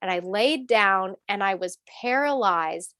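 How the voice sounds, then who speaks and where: A woman, a spiritual coach, telling a story in a casual interview, animated, acting out quotes and laughing. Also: mid-range voice, unhurried, no echo.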